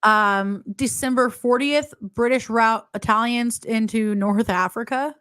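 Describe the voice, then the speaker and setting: A woman's voice: fairly high pitch, a little slow, a bit bright, smooth, no echo, studio quality. A woman co-hosting a podcast, reading a wartime timeline aloud in casual chat and laughing at herself between dates. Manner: reads dates aloud, laughs often, self-teasing. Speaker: podcast co-host.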